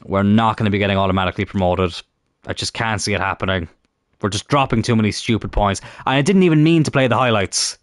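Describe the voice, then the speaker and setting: A man's voice: lowish voice, fairly bright tone, dry recording, clean studio sound. A man casually commenting on a football management game, often grumbling and swearing at it. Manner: frustrated, muttering, swears at the game. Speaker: gaming YouTuber.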